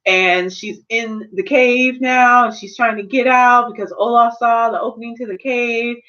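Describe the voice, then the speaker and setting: A woman with a high voice chats through a film review in a sassy, slangy, playful way. The recording sounds dull and lo-fi. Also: fairly even intonation, normal speed, fairly bright tone. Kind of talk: casual spoiler review chat.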